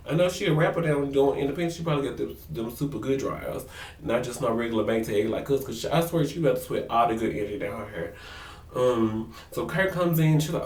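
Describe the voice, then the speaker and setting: Male vlogger, gossipy and sassy, middle pitch, echoey room sound. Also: brisk, recorded from a distance. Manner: sassy, gossipy, animated impressions. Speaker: vlogger recapping a reality show. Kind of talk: casual chatty recap. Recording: roomy echo, a bit off-mic.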